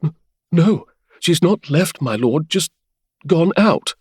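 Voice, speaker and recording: Male narrator voicing nervous young butler: high, stammering, excitable, audiobook. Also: slow, breathy edge, no room sound, clean studio sound, heavily acted.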